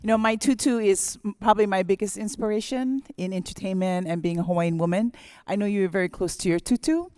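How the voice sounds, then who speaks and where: A woman judge speaks gently and warmly to a contestant. Her voice is smooth and clear, with a close, dry sound. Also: medium pitch, fast talker, no echo. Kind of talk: giving feedback.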